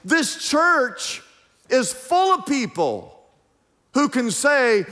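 A man's voice: extremely high pitch, sing-song, extremely slow, bright, forceful tone, big-room sound. A man preaching a sermon in a church, emphatic and questioning the congregation directly. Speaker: pastor. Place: church sanctuary.

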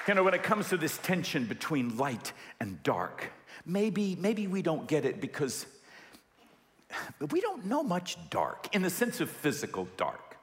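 Animated man preaching in an echoey hall. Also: fairly high pitch, unhurried, a faint crowd. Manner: animated storyteller acting out dialogue. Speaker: pastor. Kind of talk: sermon with personal story. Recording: echoey hall with long reverb.

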